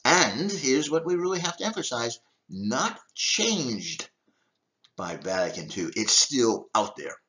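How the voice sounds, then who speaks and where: A man's voice: mid-range voice, big pitch swings, slow, bright, forceful tone, highs cut off. An older man, a deacon, giving an emphatic teaching talk with rhetorical questions. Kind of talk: teaching talk on church history.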